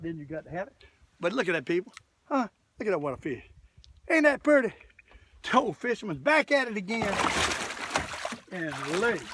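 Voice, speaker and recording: An older man with a drawl, talking folksy and chatty to his viewers out on a boat. His voice runs high and bright, and it bounces all over the place. The camera mic sits a little way off, so he sounds distant outdoors. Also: no echo. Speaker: fishing vlogger. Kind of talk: excited fishing vlog commentary.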